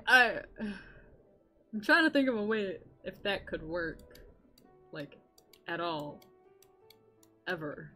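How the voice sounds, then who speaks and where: A young adult woman streaming a game in casual chatter, excitable, rambling and swearing often. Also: lowish voice, takes it slowly, pauses often, faint music behind.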